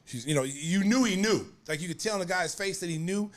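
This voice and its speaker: Animated rambling man, slightly high voice. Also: quick pace, hardly any pauses. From Oklahoma, United States. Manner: animated, rambling storyteller with many fillers and restarts. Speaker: podcast host. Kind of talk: casual storytelling.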